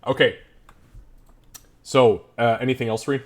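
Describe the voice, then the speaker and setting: A man's voice: mid-range voice, steady tone, unhurried. A man running a tabletop game as game master, casual, swearing and laughing often.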